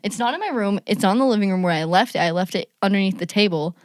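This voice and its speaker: A woman's voice: mid-range voice, expressive, fast, dry recording, studio quality. A young woman co-hosting a casual podcast chat, talking loosely with lots of "like" and a bit of swearing. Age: young adult. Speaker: podcast co-host, daughter.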